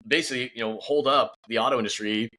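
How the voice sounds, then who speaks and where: A man's voice: mid-range voice, quick pace, bright, forceful tone. A man speaking as a guest and company founder in a casual podcast interview, upbeat and peppered with "you know".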